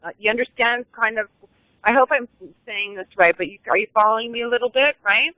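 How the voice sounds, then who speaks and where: A woman's voice: on the high side, a little fast, dry recording. Rambling woman on a muffled line. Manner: rambling, restarts sentences, seeks reassurance. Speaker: guest caller. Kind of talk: casual call-in interview. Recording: muffled lo-fi call audio.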